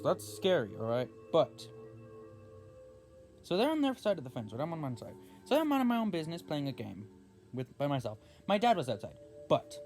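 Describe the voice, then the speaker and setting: A young man telling a story on his vlog in a casual, rambling way, full of restarts and animated outbursts. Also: on the high side. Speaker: vlogger.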